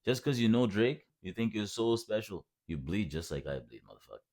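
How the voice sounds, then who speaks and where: Low-voiced young man ranting. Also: very animated, fairly quick, a little mellow. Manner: heated, profane, mocking. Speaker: vlogger telling his own story. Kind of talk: storytime rant.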